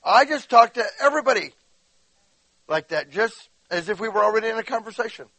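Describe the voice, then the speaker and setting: This pastor has a high voice and talks a little fast, delivering a conversational sermon where he acts out quotes in animated stories and keeps asking listeners questions directly. The rough recording has no echo.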